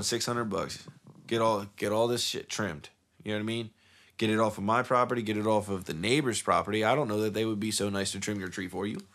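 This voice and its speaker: A man's voice: fairly low pitch, fairly bright tone. A man co-hosting a casual podcast, laid-back and rambling, swearing freely as he chats in a studio. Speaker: podcast co-host, rapper. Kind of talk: casual chat. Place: recording studio.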